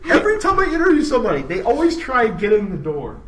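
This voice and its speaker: A man's voice: high-pitched, huge pitch swings, quick pace, roomy sound, distant mic, noisy background. A man from Wisconsin interviewing a player in a casual, playful way. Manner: playful, laughs loudly. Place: busy gaming event.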